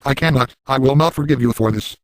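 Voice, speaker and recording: A man's voice: mid-range voice, quick pace, dry recording, close to an everyday voice. A man voicing an outraged goat monster king, declaiming his lines.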